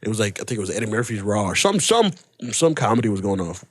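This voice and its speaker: A man's voice: lowish voice, very animated, quick pace, no echo. Young guy telling rambling swear-heavy stories on a podcast, dry close sound. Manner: laid-back, profane, rambling anecdotes. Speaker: stand-up comedian guest. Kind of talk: casual podcast storytelling.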